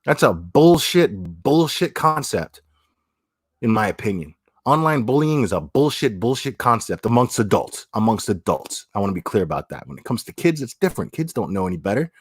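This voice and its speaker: A man's voice: fairly low pitch, big pitch swings, moderate pace, slightly rough, dry recording, studio quality. A man hosting a livestream, talking bluntly and opinionated, swearing and repeating phrases as he reads chat. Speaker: livestream host.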